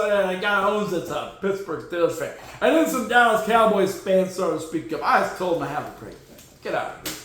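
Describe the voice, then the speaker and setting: A man hosting a casual football podcast, sarcastic and joking, jumping from loud outbursts to low mutters. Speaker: podcast host. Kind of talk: casual sports commentary. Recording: very echoey room.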